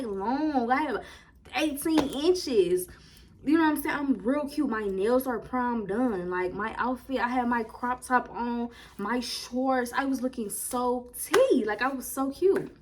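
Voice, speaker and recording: Young woman in her twenties, fairly high voice, animated casual storytime vlogger. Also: unhurried, noisy background. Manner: animated, chatty, lots of "like" and slang.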